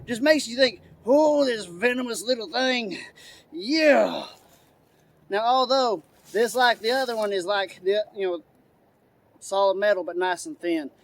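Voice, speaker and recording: Guy doing a hollering redneck dude, high and rowdy, all y'all and yeehaw. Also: unhurried. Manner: hollering, begging, drawling "y'all". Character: excitable loud redneck man, eager and rowdy. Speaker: host. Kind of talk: product review.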